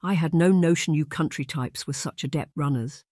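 A woman's voice: deep voice, normal speed, warm tone, no echo. A slender, proud young girl from a period storybook, as the narrator puts her on, earnest and firm as she speaks up. Her voice is dry and close to the mic.

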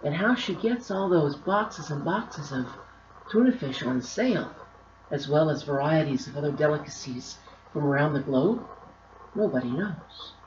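A woman, the author, reading her own storybook aloud with expressive, drawn-out emphasis. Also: low-pitched, slight background noise. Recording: roomy, slightly dull recording.

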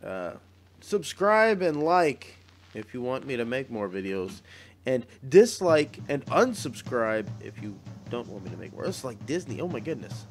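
A man's voice: mid-range voice, big pitch swings, measured pace, soft background music. A man playing a game for his channel, chatting casually with rambling, self-deprecating jokes. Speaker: gaming YouTuber.

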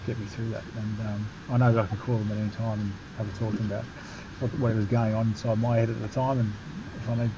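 Gravelly Australian man telling a story. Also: on the low side. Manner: animated, laughs through his story. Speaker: Paralympic cyclist guest. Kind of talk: casual storytelling interview. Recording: muffled with background noise.

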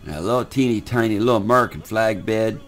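Older man, low-pitched, folksy rambling game commentary, faint music behind. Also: fast talker. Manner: folksy, rambling, repeats words. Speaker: gaming channel host.

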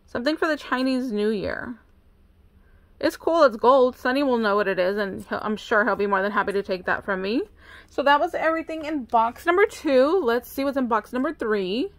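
A woman's voice: on the high side, normal speed, no room sound. Chatty woman cooing over craft finds. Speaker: craft vlogger. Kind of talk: casual unboxing chat.

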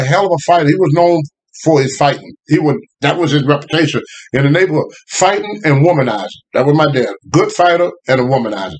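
An older man with a drawl tells a tale from his childhood. His voice sits a bit high for a man, and he talks in animated bursts. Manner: animated, laughing, rising to shouts at the climax. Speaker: storyteller guest. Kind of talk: casual storytelling.

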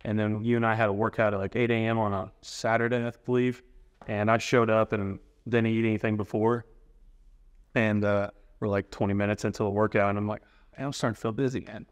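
A man's voice: fairly low pitch, level tone, a little fast, smooth. Easygoing young man chatting casually. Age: 20s. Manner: easygoing, rambling, many fillers and restarts. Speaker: guest, training client. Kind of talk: casual interview conversation.

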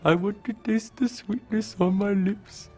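Raj, a hammy Bollywood producer. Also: male voice, high voice, fairly even intonation, unhurried, soft background music. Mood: smarmy. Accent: put-on Indian accent. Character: hammy male Bollywood producer, smarmy and goofy. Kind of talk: TV commercial acting.

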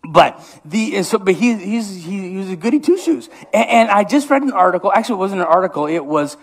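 Guy w/ a midwest accent preaching, kinda high voice, goofy self-mocking, keeps restarting sentences. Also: lively intonation, a little fast. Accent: Upper Midwest American. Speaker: pastor. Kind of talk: comedic sermon. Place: church sanctuary.

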